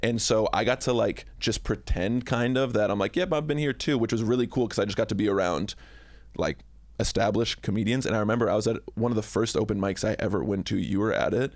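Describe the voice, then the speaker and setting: A man's voice: on the low side, fast, dry recording. A young man hosting a podcast in casual chat, chatty and self-deprecating. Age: young adult. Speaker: podcast host.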